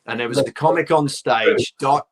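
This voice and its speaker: A middle-aged man from London with a posh southern English accent, a guest comedian telling lively stories in a casual chat, swearing freely and laughing as he goes. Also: mid-range voice, normal speed.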